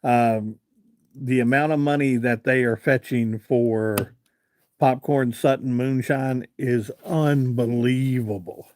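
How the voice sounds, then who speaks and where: Slow and a little mellow, this Virginia man's mid-range voice keeps a fairly even intonation, with slight noise behind it. As a live-stream host, he chats casually, spinning folksy, rambling tales and answering comments he reads from viewers.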